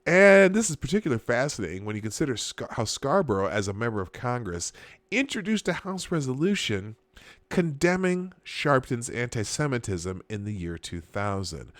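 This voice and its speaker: A man's voice: fairly low pitch, dry recording. A man from Minnesota, hosting a live stream, reading chat and news with chuckles and sarcastic asides. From Minnesota, USA. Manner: chuckling, sarcastic asides, frequent filler restarts.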